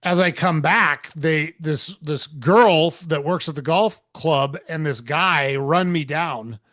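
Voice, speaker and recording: Podcast host, man, fairly high voice, casual storyteller with loose swearing, dry close sound. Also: takes it slowly, a bit bright, no room sound. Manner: laid-back, swears casually, acts out dialogue.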